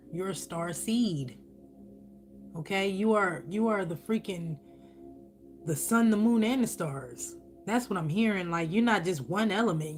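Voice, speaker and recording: A woman giving a channeled spiritual reading while eating on camera, casual, profane and blunt. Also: lowish voice. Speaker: spiritual reader.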